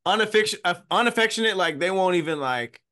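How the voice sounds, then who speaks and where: Bright, forceful man, animated panelist, jokey. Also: high voice, fast talker. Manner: animated, joking, asks pointed questions. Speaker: podcast panelist. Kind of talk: casual podcast chat.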